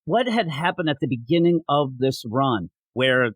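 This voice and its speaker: A man's voice: mid-range voice, moderate pace, breathy edge, no echo, rough recording. A man co-hosting a comic book podcast, chatting casually and joking with lots of laughter. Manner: animated, jokey, laughs often. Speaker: podcast co-host. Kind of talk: casual comic review chat.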